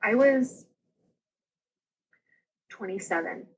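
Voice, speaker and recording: A young woman tells her story as a podcast guest. Her voice is breathy and her pitch sits in a middle range. She tells it with animation, slipping into quick voices for the people she quotes. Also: animated, low-quality recording. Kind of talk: casual storytelling chat.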